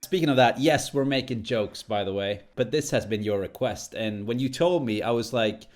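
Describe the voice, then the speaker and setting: A man's voice: medium pitch, normal speed. Young man teasing in dry banter. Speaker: podcast co-host. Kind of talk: casual chat.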